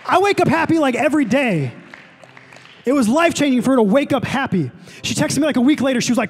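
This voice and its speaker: A young man preaching a sermon to a college ministry, casual and excitable with lots of fillers. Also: extremely high pitch, quick pace. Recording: long hall reverb, faint music.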